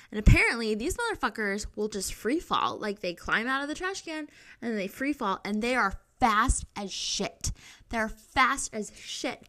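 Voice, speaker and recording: Young woman, podcast host, casual rambling story, lots of filler words, swears freely, mid-pitched voice. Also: fairly bright tone.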